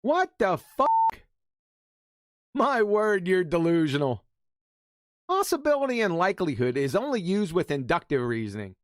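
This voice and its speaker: A man hosting a talk stream delivers a mocking, insulting rant. His pitch swings widely up and down. The sound is dry and close. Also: sing-song, normal speed, pauses often, dry recording. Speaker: host. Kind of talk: ranting monologue.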